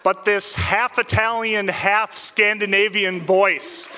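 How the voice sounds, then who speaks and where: Man, wry deadpan storytelling, high bright voice, long hall reverb. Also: slow, slight background noise. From central Minnesota, United States. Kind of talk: personal storytelling to an audience.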